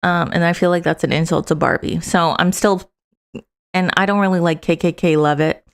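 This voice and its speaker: A young woman with a fairly low voice talks over clips in a casual, blunt way. She swears freely and is openly sarcastic. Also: steady tone, normal speed, clear, resonant tone. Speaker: political streamer.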